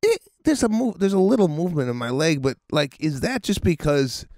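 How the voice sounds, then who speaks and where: Animated man telling a story. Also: on the high side, fairly quick, no room sound, studio quality. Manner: animated storytelling, acts out quotes, swears. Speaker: podcast co-host. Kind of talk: casual chat.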